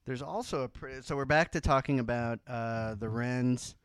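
A man's voice: medium pitch, normal speed. A man hosting a casual music podcast who rambles, restarting sentences and filling them with "like". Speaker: podcast host.

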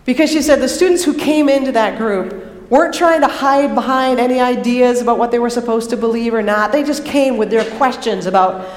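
A woman preacher giving an animated sermon, moving between hushed and excited. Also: on the high side, fairly quick. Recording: echoey hall reverb.

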